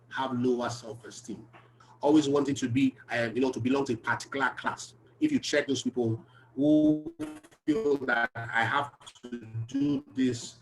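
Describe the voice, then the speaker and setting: A man's voice: mid-range voice, slight background noise, rough recording. A man giving an earnest, emphatic self-help talk, repeating key phrases to drive them home. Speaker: behavioral health speaker.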